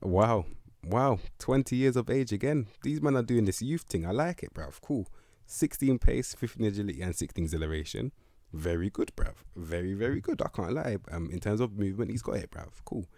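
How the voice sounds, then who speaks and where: A man's voice: fairly low pitch, animated, a little fast, mellow, dry recording, clean studio sound. A young man giving blunt, slang-heavy commentary on a football management game. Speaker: gaming video host.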